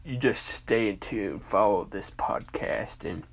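A man's voice: on the low side, slow pace. A man in his forties with a Southern US accent, hosting a podcast in a casual, rambling monologue full of fillers and restarts, with folksy country talk. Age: 40s. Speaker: podcast host.

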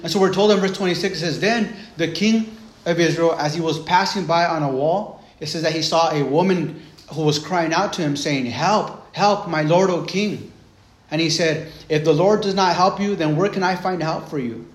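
A man's voice: on the high side, fairly quick, echoey room. A man preaching a conversational sermon, retelling scripture in a loose, chatty way, often checking in with "right?" and restarting his sentences.

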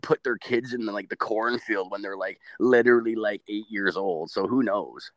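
Man, podcast co-host, low voice, foul-mouthed, animated storyteller, laughs a lot. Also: normal speed. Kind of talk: casual comedic podcast chat.

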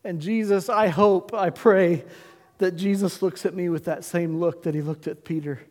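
A man's voice: high voice, steady tone, moderate pace, darkish tone. A male pastor preaching a sermon, telling a story dramatically and acting out the characters' voices. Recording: long hall reverb.

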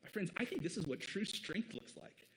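A man's voice: high-pitched, big pitch swings, moderate pace, fairly bright tone, rough recording. A man from the American Midwest preaching a sermon, conversational and earnest, leaning on emphatic rhetorical questions. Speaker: pastor.

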